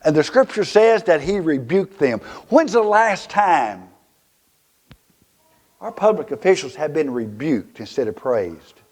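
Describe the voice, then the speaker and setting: A male pastor with a Southern US accent preaching a fiery, emphatic sermon in a church, swinging from loud to hushed. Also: fairly high pitch, very animated, unhurried.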